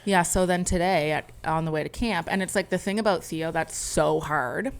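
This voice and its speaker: Low-voiced emotional woman telling a story. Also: normal speed, gravelly. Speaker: podcast co-host. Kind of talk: candid conversation.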